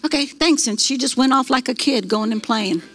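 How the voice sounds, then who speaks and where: A woman's voice: a little high, normal speed, low-quality recording. A middle-aged woman, teaching a church prayer class in a folksy storytelling way, full of fillers and restarts.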